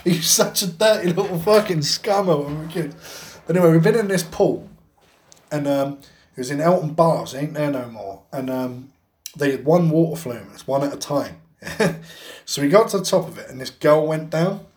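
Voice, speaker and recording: A man's voice: a little high, normal speed, darkish tone. A man co-hosting a podcast, telling a rambling anecdote in casual chat, swearing constantly and laughing as he goes. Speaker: podcast co-host.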